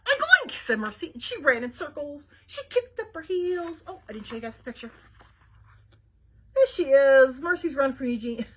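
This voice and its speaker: A woman's voice: high voice, expressive, normal speed. A woman librarian reading a storybook aloud to children, with chatty asides about the pictures, recorded on a webcam. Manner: chatty asides to young listeners, showing pictures.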